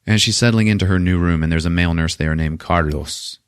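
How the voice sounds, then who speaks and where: A man's voice: sits low, fairly quick, clear, resonant tone, no room sound, clean studio sound. A male podcast host casually recapping a horror film, joking and swearing often. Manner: profane, joking, laughs often.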